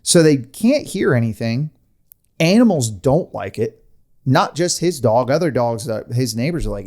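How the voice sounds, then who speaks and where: A man hosting a podcast, spinning a creepy tale in loose, conversational storytelling. His voice sits at an ordinary middle pitch. He laughs often and drifts into rambling asides. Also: big pitch swings, moderate pace, a little mellow. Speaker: podcast host. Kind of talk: casual storytelling chat.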